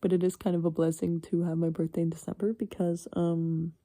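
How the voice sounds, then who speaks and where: A woman's voice: fairly low pitch, flat delivery, a little fast, mellow, no room sound. An eighteen-year-old woman talking to herself late at night in a rambling, frank way, swearing freely and chuckling often. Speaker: university student. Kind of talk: casual late-night solo chat.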